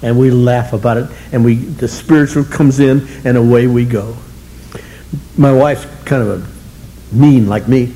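A man's voice: mid-range voice, fairly even intonation, a little slow, dark tone, slight background noise, rough recording. An older man speaking to a recovery meeting audience, blunt and self-mocking, chuckling as he tells his story. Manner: wry, self-mocking humor, chuckling often; blunt, colorful language.

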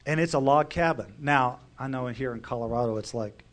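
A man's voice: mid-range voice, a little fast. A middle-aged man telling his personal story to a recovery meeting audience, in a wry, conversational way.

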